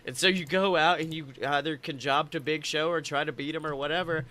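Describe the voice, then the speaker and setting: A young man co-hosting a casual podcast, telling excited stories and acting out quotes. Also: a little high, a little fast. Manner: excitable storytelling, acts out quotes. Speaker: podcast co-host. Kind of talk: casual chat.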